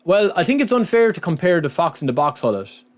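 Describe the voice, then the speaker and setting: A man with a slightly high voice chats casually on his live stream. He keeps calling his viewers lads and man, thanking them as he goes. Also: sing-song, brisk. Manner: chatty, says lads and man often.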